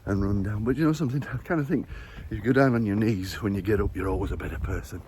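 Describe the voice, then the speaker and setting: A man's voice: fairly low pitch, quick pace, darkish tone, a little hiss or hum. A man vlogging outdoors while climbing stairs, a little short of breath, chatting in a rambling way and chuckling often as he reflects on faith. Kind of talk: casual walking vlog with faith reflections.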